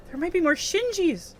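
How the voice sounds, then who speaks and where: A woman streaming a video game, chatting casually and playfully, swearing now and then and reading dialogue aloud. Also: very high voice. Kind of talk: casual chat while playing a video game. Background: game music.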